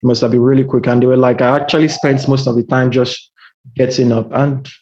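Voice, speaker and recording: A man in his thirties with a Nigerian accent, chatting casually and telling a story with quick asides and restarts. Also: mid-range voice, little pitch movement, darkish tone. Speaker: podcast co-host. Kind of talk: casual chat. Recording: dull lo-fi audio.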